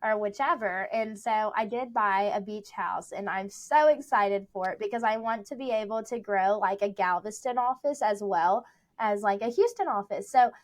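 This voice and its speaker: A young woman, a real estate agent, telling stories in a casual interview, chatty and animated with lots of fillers. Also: mid-range voice, moderate pace. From Texas. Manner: chatty, animated storytelling with many "like"s.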